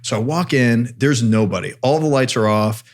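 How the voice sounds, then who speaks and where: A man's voice: medium pitch, normal speed. A man co-hosting a podcast, telling a story in a casual chat and acting out the voices of people in it. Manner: animated storyteller, acts out voices. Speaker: podcast co-host.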